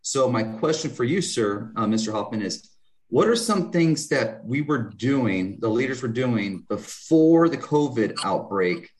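Young man, exhausted, polite and earnest, calling in from a barracks room. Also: medium pitch. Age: young adult. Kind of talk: asking a question on a video call.

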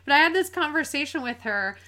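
A woman's voice: high-pitched, expressive, fairly quick, pushed and bright. A woman hosting a podcast, speaking earnestly and enthusiastically in a casual chat. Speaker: podcast host.

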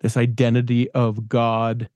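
A man's voice: medium pitch, monotone, measured pace, darkish tone, no echo. Man asking long, searching questions, dry sound. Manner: searching, lots of "you know" and "sort of". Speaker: podcast host. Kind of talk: conversational podcast interview.

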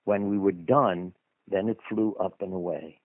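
Here a guest author on a radio show spins anecdotes, rambling conversationally with side comments. He has a low-pitched voice and a measured pace, and the phone-line recording is dry with no room sound.

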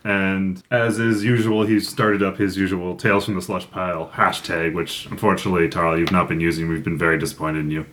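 A man's voice: low voice, level tone, fairly quick, hardly any pauses, a bit bright, a little hiss or hum. A man co-hosting a podcast in casual chat, talking loosely with frequent laughs and restarts. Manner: chatty, laughs often, restarts sentences. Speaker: podcast co-host.

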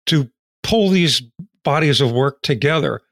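A man interviewing a photographer, asking slow, halting, thoughtful questions. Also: medium pitch, animated, fairly bright tone, no room sound, studio quality. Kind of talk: casual interview.

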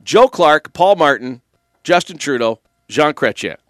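Male talk-radio host, raised animated pitch, sardonic and preachy, dry studio sound. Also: unhurried, dry recording. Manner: emphatic, opinionated, preachy, sardonic asides.

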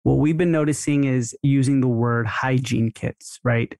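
A man talks through a marketing lesson in loose, chatty podcast style, now and then acting out both sides of a dialogue. His voice sits at an ordinary middle pitch, recorded close and dry with no room sound. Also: fairly even intonation, unhurried, creaky, darkish tone, dry recording. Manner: chatty, role-plays dialogue in a raised voice. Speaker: dental marketing coach. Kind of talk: casual instructional podcast talk.

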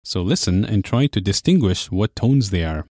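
Deep-voiced man teaching a language lesson. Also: lively intonation, a little mellow, no echo, studio quality. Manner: clear, measured teacher's explanations. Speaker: language course host. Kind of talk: scripted lesson narration.

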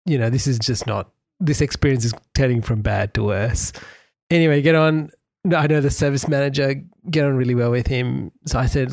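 A middle-aged man co-hosting a podcast, telling a story in animated, casual chat. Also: mid-range voice, moderate pace, creaky, no echo. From Australia. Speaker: podcast co-host.

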